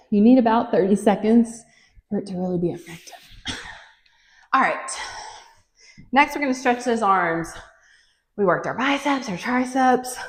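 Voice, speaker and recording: A woman's voice: on the high side, a little mellow, reverberant. A woman fitness instructor leading a workout, counting reps aloud and encouraging, a bit out of breath as she moves.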